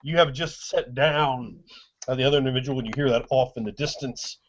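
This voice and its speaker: A man narrates a tabletop horror game, drawing out his scene-setting in a brooding, deliberate way. His voice sits in a middle register, and the recording is dull and lo-fi. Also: medium pitch, slight background noise. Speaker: game master.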